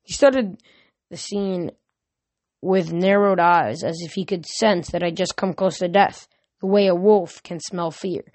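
A woman's voice: on the low side, steady tone, normal speed, no echo. A woman casually reading a novel aloud, often stumbling and restarting words. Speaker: reader.

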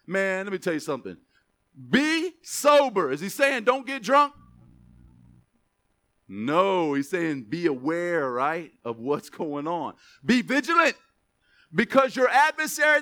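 A man preaching a sermon as pastor, reading verses slowly with emphasis, then dropping into quick asides to the church. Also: a little high. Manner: animated, stretches scripture words for emphasis, drops to asides.

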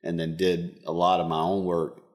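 Low-voiced counselor man, rambling. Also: flat delivery, moderate pace. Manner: earnest, rambling, acts out quoted dialogue. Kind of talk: casual interview talk.

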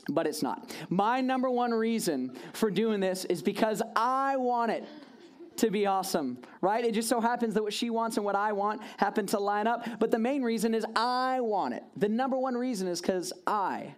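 A man's voice: sits high, lively intonation, normal speed. A man giving a storytelling sermon to a congregation, casual and chatty, with lots of "like" and "right?" asides to his listeners.

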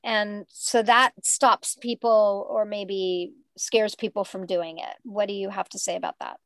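A woman's voice: mid-range voice, steady tone, measured pace, a bit bright, no room sound. A woman interviewing a guest in a casual, chatty way, reacting openly to his stories.

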